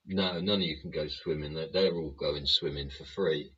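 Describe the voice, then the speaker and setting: A man's voice: rumbling low, steady tone, normal speed, fairly bright tone, slightly rough. A man hosting his own show, delivering a profane political rant full of swearing and tag questions. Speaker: show host. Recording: dull lo-fi sound.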